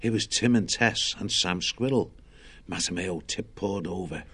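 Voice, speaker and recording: A man narrating an audiobook in a measured storytelling manner. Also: low voice, bright, forceful tone, breathy edge.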